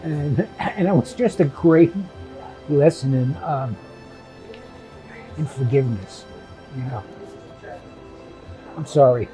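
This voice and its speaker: A man's voice: medium pitch, takes it slowly, long pauses, warm tone, soft background music. A man in his seventies, a documentary subject who chats through stories, often restarts his sentences, and acts out the people he quotes. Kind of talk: candid interview storytelling.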